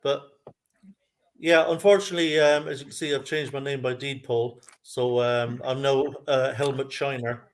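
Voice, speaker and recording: Irish guy hosting a fan livestream, chatty and jokey, laughs a lot, normal pitch. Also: fairly even intonation, moderate pace. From Ireland. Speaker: live stream host. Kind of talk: casual fan chat.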